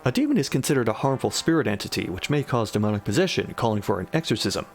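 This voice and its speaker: A man giving a deadpan comic reading of an absurd story and breaking in with wry asides. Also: on the low side, fast talker, faint music behind. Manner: dry, wry commentary. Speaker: reader of a generated story.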